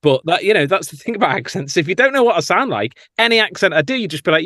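Brief: male actor guest, quick and rambling, animated, dry close mic. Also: fairly high pitch, no echo. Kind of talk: casual chat.

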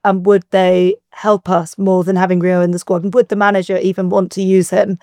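A woman, a guest on a football chat, giving a wry, measured analysis. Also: fairly low pitch, level tone, mellow, dry recording. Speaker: podcast guest.

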